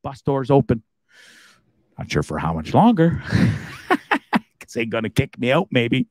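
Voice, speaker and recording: A man hosting a live stream, joking, laughing and swearing freely in a casual, animated way. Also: on the high side, measured pace, long pauses, dry recording. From Canada, Hamilton region.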